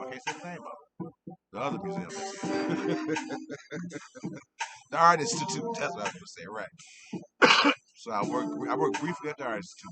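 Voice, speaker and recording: Rambling, lively-voiced stoned man over loud music. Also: mid-range voice. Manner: meandering, repeats himself, laid-back. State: high. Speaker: cannabis review vlogger. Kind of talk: casual rambling chat.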